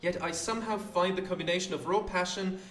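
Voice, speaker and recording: Voiced by a man pitching his voice up, a one-eyed portrait painter of refined, ladylike manner speaks formally and with a hint of flirtation. The high, fairly bright delivery is brisk with fairly even intonation, and a roomy echo suggests a far-off microphone.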